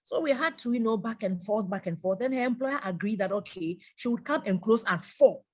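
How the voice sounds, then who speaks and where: A woman's voice: a little high, fairly quick. Middle-aged woman telling a story. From Ghana. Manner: animated storytelling, repeats phrases. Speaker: guest speaker. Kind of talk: religious advice talk.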